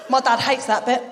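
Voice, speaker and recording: A woman performing a live stand-up set on a theatre stage, telling jokey stories with big swings in her voice. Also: very noisy. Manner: animated, jokey storytelling with big pitch swings. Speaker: stand-up comedian. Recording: roomy live venue sound.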